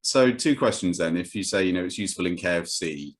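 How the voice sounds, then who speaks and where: Deep-voiced host with dry humor. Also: male voice, a little fast. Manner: dry, teasing, deadpan humor. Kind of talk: casual interview chat. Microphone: video call.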